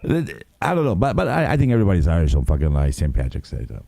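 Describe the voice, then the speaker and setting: A man's voice: low voice, fast talker, creaky, dry recording, clean studio sound. A man co-hosting a casual podcast discussion, ranting in a rambling, profane way with plenty of fillers. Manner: profane, rambling, animated rant with lots of fillers. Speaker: podcast co-host.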